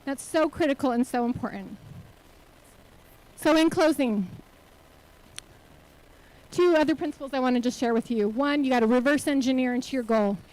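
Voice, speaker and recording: Her voice is high yet somewhat dark in tone as this nonprofit CEO gives an earnest motivational keynote on a conference stage. She fires rhetorical questions at the audience, pressing them to commit, over poor audio.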